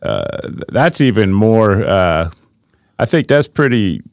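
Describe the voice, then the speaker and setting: A man with a very deep, low voice hosts a casual talk about scripture, thinking things through out loud as he speaks. The sound is dry and close, with no room echo. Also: big pitch swings, slow. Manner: thinks aloud, reads scripture passages. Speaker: podcast host.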